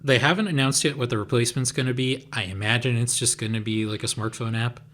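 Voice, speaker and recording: Man, mid pitch, podcast co-host, casual, hesitant restarts. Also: steady tone, fast, a bit bright. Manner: hesitant, repeats words, fills with "like". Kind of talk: casual chat.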